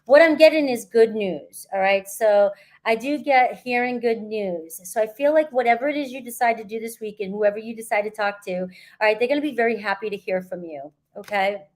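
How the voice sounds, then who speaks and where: A woman's voice: a little high, a little fast. A woman giving a casual tarot reading outdoors at the beach, chatty and checking in with her viewers. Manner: chatty, frequent "all right?" and "okay?" check-ins. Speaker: tarot reader.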